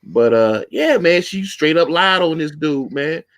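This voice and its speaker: A man hosting a casual talk show, telling a street story with lively acted-out quotes. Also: on the high side, measured pace. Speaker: podcast host.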